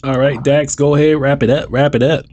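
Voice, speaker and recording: A man's voice: mid-range voice, fairly even intonation, brisk, darkish tone, highs cut off, slight background noise. A man hosting a casual podcast, loose and joking, laughing often. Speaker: podcast host.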